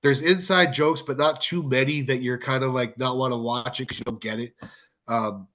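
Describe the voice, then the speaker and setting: Animated Canadian man, muffled lo-fi audio. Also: mid-range voice, moderate pace. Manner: animated storyteller, repeats words for emphasis. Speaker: wrestling promotion owner, guest. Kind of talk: casual podcast interview.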